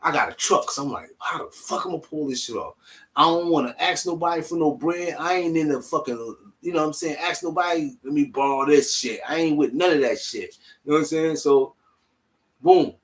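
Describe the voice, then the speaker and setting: A young man telling a personal story in casual, animated street slang, swearing freely. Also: fairly high pitch, fairly quick. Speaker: vlogger.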